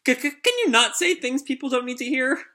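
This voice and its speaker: Flustered young woman, stammers, pitched way up, bright, a man reading her. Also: sing-song, brisk, heavily acted. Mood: embarrassed.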